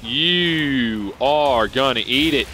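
A young man giving live commentary on a video game he is playing, excitable and swearing as he reacts out loud. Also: medium pitch, drawn-out words, soft background music. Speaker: gameplay streamer. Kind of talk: live let's-play commentary.

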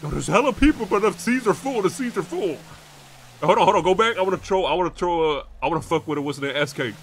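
A man's voice: high-pitched, lively intonation, fast talker, slight background noise. Brash profane man growling pirate calls. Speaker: streamer playing a pirate robber. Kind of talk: casual game role-play banter.

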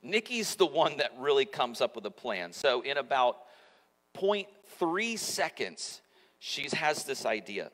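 A man's voice: medium pitch, big pitch swings, unhurried, long pauses, fairly bright tone. Pastor in his forties, man, chatty sermon delivery, long church reverb. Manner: conversational, self-mocking storytelling. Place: church auditorium. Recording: echoey church hall.

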